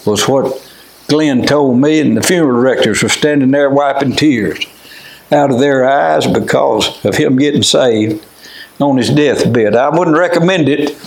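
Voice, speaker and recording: Older man, folksy preacher, plainspoken, middle pitch, echoey room. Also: vocal fry. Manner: plainspoken, homey, quotes scripture in old wording. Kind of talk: folksy sermon with storytelling.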